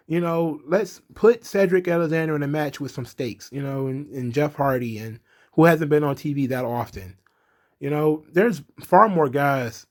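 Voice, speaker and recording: A man casually recapping a wrestling show, rambling and exasperated, with lots of fillers. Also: medium pitch. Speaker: wrestling commentary vlogger.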